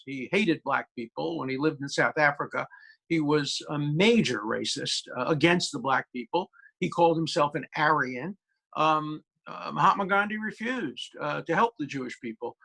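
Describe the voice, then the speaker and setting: A man's voice: a little high, moderate pace, gravelly, bright, forceful tone. A male law professor speaking as a guest on a video call, emphatic and storytelling, with many hesitations.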